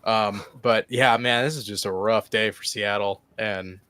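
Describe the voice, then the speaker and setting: Lower-voiced man, dry close sound. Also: measured pace, dry recording. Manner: animated, laughs, acts out quotes. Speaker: podcast co-host. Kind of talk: casual sports chat.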